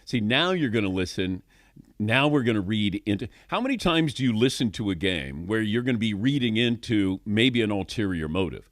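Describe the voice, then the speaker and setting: A man's voice: lowish voice, big pitch swings, moderate pace, no echo, studio quality. A middle-aged man hosting a sports talk radio show, wry and questioning, chuckling often. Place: radio studio.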